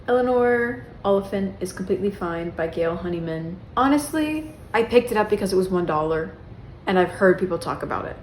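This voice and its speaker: A woman's voice: mid-range voice, lively intonation, a little fast, darkish tone, slight background noise. A young woman vlogging casually about her books, chatty and self-mocking, with plenty of "um" and "like" as she rambles. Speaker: book vlogger. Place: bedroom. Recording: echoey room.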